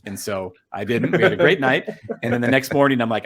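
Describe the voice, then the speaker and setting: Rambling, low-voiced middle-aged man. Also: animated, brisk, fairly bright tone. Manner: rambling, filler-heavy storytelling with many restarts; earnest and open about his feelings. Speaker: storm chaser and photographer, podcast guest. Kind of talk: casual podcast conversation.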